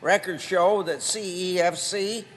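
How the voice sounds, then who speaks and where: An older man, a senator, giving a formal floor speech read from documents, with a slow, halting delivery that marks each quotation. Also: high-pitched, steady tone, fairly bright tone. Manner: slow, deliberate, halting delivery with marked quotes. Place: large legislative chamber. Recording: long reverb of a large hall.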